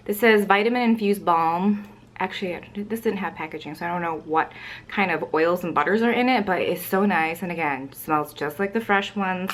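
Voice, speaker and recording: A young woman, a beauty vlogger, talks about makeup to camera from home at normal speed in a voice on the low side. Her chat is casual and rambling, filled with fillers, and she's slightly out of breath.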